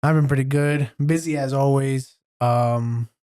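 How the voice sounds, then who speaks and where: A man's voice: mid-range voice, steady tone, measured pace, warm tone, clean tone. A young man co-hosting a podcast with a stuffy nose, telling rambling stories and laughing often. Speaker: podcast co-host. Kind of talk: casual chat.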